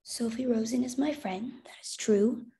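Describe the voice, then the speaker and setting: A protective mother speaks in a hushed, pleading voice, read out by a woman with a fairly high voice. She keeps her words calm and quiet. This is a storybook read-aloud. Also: moderate pace.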